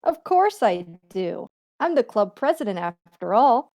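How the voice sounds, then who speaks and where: A woman's voice: on the high side, very animated, unhurried, darkish tone. A woman reading the lines of a friendly, knowing teenage girl club president in her own ordinary voice over an online call. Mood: teasing. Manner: read aloud in her own regular voice. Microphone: online voice call that turns garbled.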